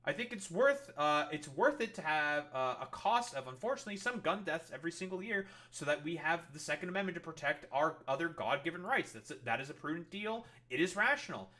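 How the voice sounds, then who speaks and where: A man's voice: on the high side, animated, a little fast, few pauses, sharp tone. A man streamer giving angry, profanity-heavy commentary on political clips. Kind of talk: ranting commentary over clips.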